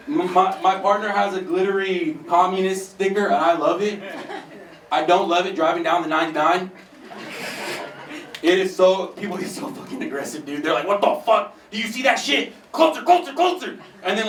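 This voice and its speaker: A man's voice: high-pitched, a bit bright. A man in his twenties doing open-mic stand-up in a small theater, talking in a loose, profane, conversational way and saying "dude" often. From United States. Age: 20s. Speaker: stand-up comedian. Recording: roomy, distant mic with faint ambience.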